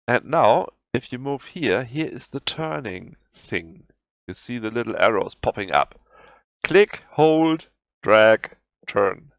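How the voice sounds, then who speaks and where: A man with a German accent, a native German speaker, talking through a software tutorial in halting English that often restarts. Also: medium pitch, gravelly, dry recording, studio quality. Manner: halting, self-correcting non-native English. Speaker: tutorial host. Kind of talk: screen-recorded software tutorial.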